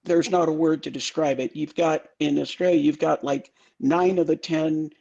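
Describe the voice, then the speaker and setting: Gravelly-voiced man in casual chat. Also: fairly high pitch, fairly even intonation, moderate pace, dark tone, highs cut off. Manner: explanatory, stop-start with restarts.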